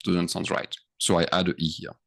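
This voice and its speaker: With a deep, gravelly, slightly bright voice and a level tone, this French teacher talks briskly. Still, he's patient as he writes out verb endings, drawing out words and checking in with students frequently.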